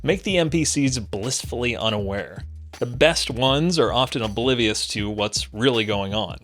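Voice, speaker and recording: A man hosting a tabletop game tips video, speaking in an energetic, playful and enthusiastic way. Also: medium pitch, moderate pace, soft background music. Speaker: host and game master.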